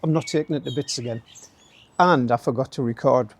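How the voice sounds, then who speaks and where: Talking fairly quickly at a medium pitch, a middle-aged DIY channel host walks through a build in his garden workspace outdoors during light rain. He's chatty and full of jokey asides, fond of tags like "eh?" and "don't you?", and there's slight background noise.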